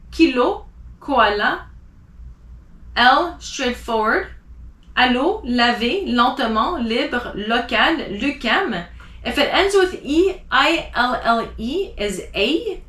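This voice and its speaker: A woman teaching French pronunciation, spelling out letters and slowly repeating example words. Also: high voice, fairly bright tone, echoey room.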